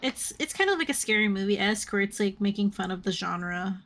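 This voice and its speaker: A woman's voice: mid-range voice, brisk, a little hiss or hum. A woman chatting casually on a live stream, retelling movie scenes with lots of laughter and the odd swear word. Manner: animated storyteller, laughs often, swears casually.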